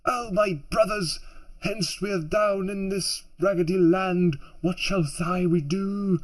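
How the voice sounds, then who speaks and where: A man doing a high theatrical hobbit lad. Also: fairly even intonation, slow. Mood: melodramatic. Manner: archaic, theatrical. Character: mock-Shakespearean young male hobbit, melodramatic.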